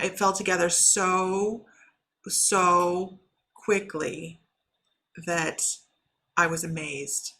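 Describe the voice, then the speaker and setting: A woman's voice: fairly low pitch, pushed and bright. A middle-aged woman, a shaman and intuitive reader, chatting casually on a livestream, laughing often and talking to viewers by name.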